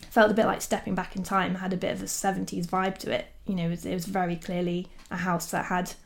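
Creaky-voiced woman telling a story. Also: on the low side, flat delivery, fast talker. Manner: chatty, laughs often, many fillers. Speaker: documentary filmmaker guest. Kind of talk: casual storytelling.

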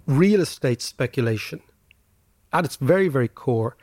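An Irish man talks through history and economics like a lively lecturer, leaning on rhetorical "right?" tags. His pitch jumps around as he makes points. The recording is dry and close. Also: moderate pace, no room sound. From Ireland. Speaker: podcast host. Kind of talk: casual explanatory chat.

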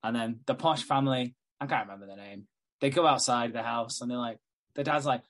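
A man's voice: mid-range voice, fairly quick, a bit bright. Laughing man, casual podcast chat. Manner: laughs often, recapping a TV show. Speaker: podcast co-host.

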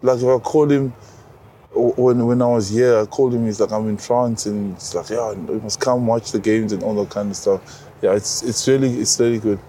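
A South African man in his thirties, a rugby captain, telling stories in relaxed casual chat as an interview guest. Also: medium pitch, normal speed, a little hiss or hum. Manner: relaxed storytelling, says bro a lot, many restarts.

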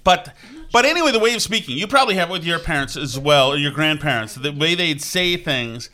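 A middle-aged man talks in a loose, rambling chat, circling back on himself with restarts and asides. His voice sits a touch high for a man and rings bright and forward. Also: animated, brisk. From Vermont. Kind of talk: casual chat.

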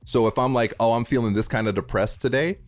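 A man hosting a podcast in casual interview chat, lively and acting out remembered dialogue with sudden jumps in pitch. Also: quick pace, no room sound, clean studio sound, soft background music. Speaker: podcast host.

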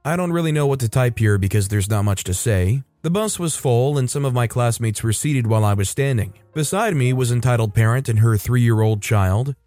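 A man's voice: mid-range voice, a little fast, few pauses, warm tone, no echo. A man hosting a channel and reading online stories aloud in a conversational way, with wry asides between them. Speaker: host and narrator.

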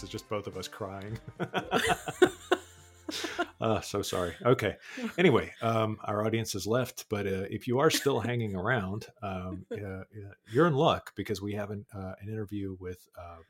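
A male podcast host in a relaxed chat with a colleague, his voice sitting low with a slightly husky edge. He talks loosely, full of "uh"s, and laughs easily. A faint bed of music plays underneath. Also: normal speed. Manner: chatty, laughs often, many fillers.

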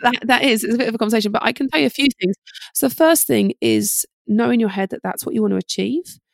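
A middle-aged woman parenting coach giving fast, animated advice in a podcast interview, acting out little exchanges between parent and child. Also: fairly high pitch, creaky, dry recording, studio quality.

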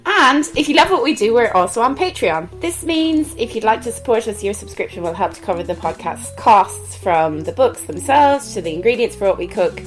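A woman's voice: on the high side, animated, brisk, hardly any pauses, faint music behind. A British woman co-hosting a food podcast, chatting casually and laughing often. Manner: giggly, chatty. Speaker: podcast co-host. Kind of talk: casual chat.

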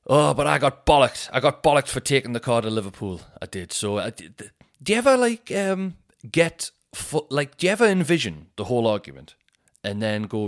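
A man's voice: lowish voice, lively intonation, fairly quick. A man in his thirties with a Northeast English accent, a comedian and podcast host telling stories casually, rambling and restarting often. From Northeast England. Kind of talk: casual storytelling.

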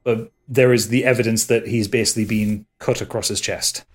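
A man's voice: lowish voice, fairly even intonation, a little fast. Rambling male game master. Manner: rambling, hesitant. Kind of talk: narrating a tabletop game.

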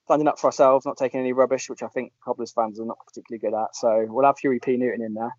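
A man, chatting casually as a podcast host and telling animated anecdotes. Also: mid-range voice, rapid-fire, no echo. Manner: lively storyteller, puts on voices in anecdotes. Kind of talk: casual chat. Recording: dull lo-fi sound.

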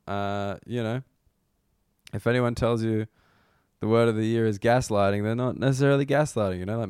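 Australian comedian, solo pod chat, self-deprecating, lowish pitch, dry close mic. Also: male voice, a little mellow, clean tone, dry recording. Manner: rambling, self-deprecating, swears freely. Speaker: comedian podcast host. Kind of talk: casual solo podcast monologue. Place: corner of a hotel room.

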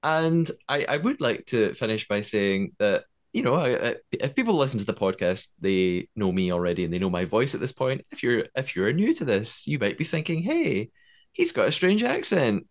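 A man's voice: lowish voice, animated, fairly quick, few pauses. A Scottish man co-hosting a podcast in casual chat, laughing easily and restarting his sentences. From Scotland. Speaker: podcast co-host.

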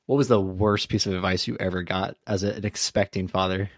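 A man's voice: low voice, fairly even intonation, fairly quick, no echo, clean studio sound. A man hosting a podcast interview, asking questions in a thoughtful, searching way with hesitant restarts. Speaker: podcast host.

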